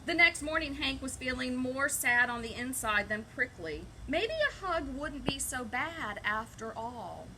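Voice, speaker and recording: A woman teacher reads a picture book aloud for young children. Her voice is fairly high and moves a lot in pitch, gentle and expressive. A steady noisy hiss sits behind her. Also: a little slow, hardly any pauses.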